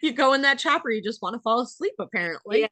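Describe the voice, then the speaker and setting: A woman's voice: a little high, expressive, fast, sharp tone, no room sound. A young adult woman with an American accent, a dairy farmer hosting a casual interview podcast and talking in a rambling way full of fillers.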